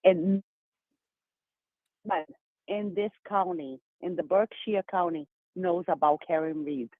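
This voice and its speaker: Brazilian-accented woman, fast and emphatic, caller on a tinny phone line, dry sound. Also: fairly low pitch, no room sound. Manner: fast, excited, emphatic talker. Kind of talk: call-in phone chat. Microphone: telephone.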